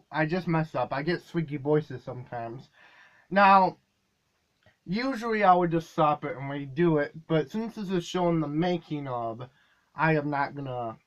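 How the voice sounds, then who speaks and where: High-voiced man explaining casually. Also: highs cut off. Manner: casual, rambling, self-correcting. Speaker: video creator. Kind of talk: casual behind-the-scenes explanation.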